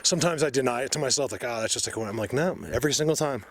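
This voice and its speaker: Man, mid-pitch, winded outdoor vlogger, insistent and excited, faint outdoor noise. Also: rapid-fire. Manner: excited, insistent, pointing things out. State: out of breath. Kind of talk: outdoor field vlog. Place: hillside forest outdoors.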